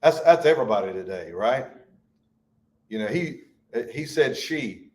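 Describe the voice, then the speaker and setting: A man's voice: medium pitch, animated, a little slow, darkish tone. A man teaching a Bible study in a folksy way, reading verses and acting out the speakers in them. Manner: folksy, acts out quotes with shifting voice. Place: church.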